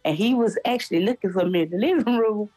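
A woman's voice: medium pitch, fast talker, warm tone, dry recording, rough recording. A woman guest telling her faith testimony in a casual, earnest way, acting out the voices of people in her story.

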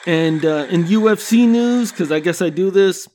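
A man's voice: sits high, normal speed, darkish tone, slight background noise. A man hosting a comedy podcast, ranting with constant swearing and laughing at his own jokes. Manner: swears constantly, laughs at own jokes, "you know what I'm saying". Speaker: podcast host. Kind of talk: profane comedic rant.

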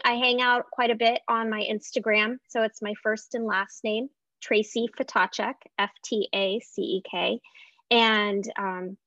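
A woman's voice: mid-range voice, a bit bright, dry recording. Upbeat businesswoman guest, says um and like a lot, sounds kinda dull and dead dry. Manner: upbeat, filler-heavy with many "um"s and "like"s. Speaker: entrepreneur guest. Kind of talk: casual interview chat.

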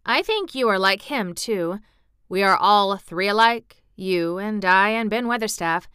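A frank, insistent little girl from a storybook, put on by a woman reading aloud. She sounds earnest and sour-tempered, with a bright, crystal-clear tone. The voice sits close and dry. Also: medium pitch, expressive, measured pace, no echo.

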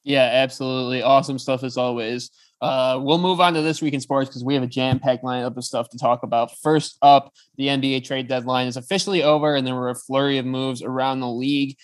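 A man's voice: mid-range voice, steady tone, no echo. Man hosting a sports show, dry sound. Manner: brisk, organized, hands off to co-host. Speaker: sports podcast host. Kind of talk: segment-leading sports talk.

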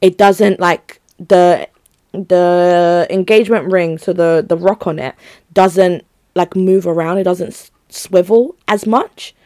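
A woman's voice: fairly low pitch, fairly even intonation, slow, darkish tone, dry recording, studio quality. A young woman chatting casually on her own to her listeners, rambling and giggly. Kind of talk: casual solo chat to listeners.

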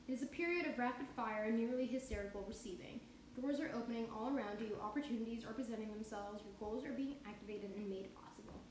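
A woman hosts a casual podcast. Her voice sits a little high, and she chats loosely and goofily, often going off on tangents. The room is echoey and has a faint hiss of background noise. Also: fast, a little mellow. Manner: chatty, goofy, breaks into off-key singing and tangents. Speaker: podcast host. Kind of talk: casual podcast reading and chat. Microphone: home podcast mic.

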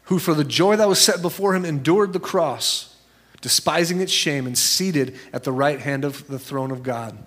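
A man preaching a sermon as a pastor, conversational and storytelling, jumping into high voices when he quotes people. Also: moderate pace, fairly bright tone.

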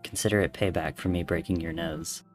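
Man doing a gruff warrior, low voice, short and firm. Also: fairly even intonation, a little fast, music in the background, lightly acted. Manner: curt, firm.

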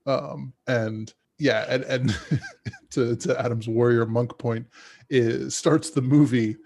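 Husky, gravelly man talking movies. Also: mid-range voice, fairly even intonation, slow, darkish tone. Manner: rambling, frequent restarts and ums. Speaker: podcast co-host. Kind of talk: casual movie discussion.

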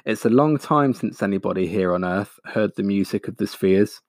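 A man voicing a calm, resolute male iron giant who speaks in a firm, measured way. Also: on the low side, no room sound, clean studio sound, natural voice. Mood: questioning.

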